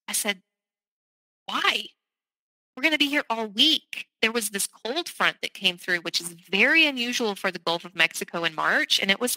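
Bright-voiced woman storyteller. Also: mid-range voice, no echo, poor audio. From American South. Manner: candid, urgent, vivid recounting. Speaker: podcast guest. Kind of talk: personal storytelling.

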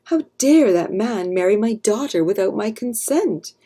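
A woman reading aloud, voicing an angry old senator who shouts and snarls at his daughter. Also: mid-range voice, lively intonation, measured pace, husky, voice pushed up. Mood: furious.

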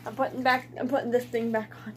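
A woman chatting casually in a vlog about her pet fish, excitable and playfully scolding them as she talks. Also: fairly high pitch, quick pace, a little hiss or hum.

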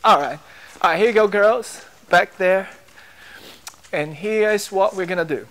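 A man's voice: high-pitched, measured pace, a bit bright. A man coaching young players on a tennis court, encouraging them with short drill commands.

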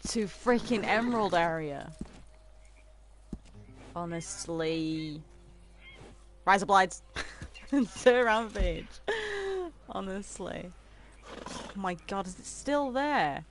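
A woman in her twenties with a medium-pitched voice chats casually with viewers on a game stream, laughing easily. She's chatty and giggly as she reads out and answers chat, and there's a little hiss or hum in the audio.

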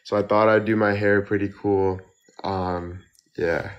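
A young man chatting casually on a phone livestream, tired and tipsy from drinking, rambling slowly with lots of fillers. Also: fairly low pitch, level tone. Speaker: model and livestreamer.

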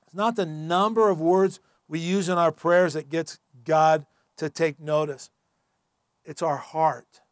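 A male pastor delivers a sermon in an earnest, emphatic and conversational way. His voice sits high for a man. The recording is dry and close. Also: fairly even intonation, measured pace, dry recording. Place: church.

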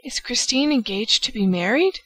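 A woman's voice: fairly high pitch, expressive, moderate pace, fairly bright tone, voice pushed up. A woman doing a troubled young nobleman. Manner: earnest, troubled. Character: bewildered, lovesick young nobleman. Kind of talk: audiobook character voice.

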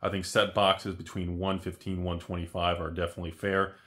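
A man's voice: sits low, a little fast. A man giving a casual, rambling commentary on the collectibles market as the host, correcting himself and throwing in jokey asides. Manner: rambling, animated, self-correcting.

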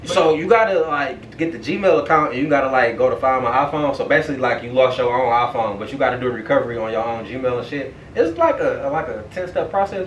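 Animated young man telling a story, echoey room. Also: mid-range voice, muffled recording, a little hiss or hum. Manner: animated, profane, repeats "right?". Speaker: podcast host. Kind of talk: casual storytelling. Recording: echoey room, far from the mic.

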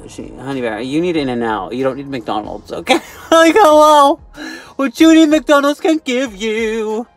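A man's voice: sits high, fairly bright tone, full character voice. A man doing a sassy valley-girl vlogger. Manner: gossipy, endless "like" and "okay?", mocking giggles. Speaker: comedy sketch host. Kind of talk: comic character monologue. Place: inside a parked car.

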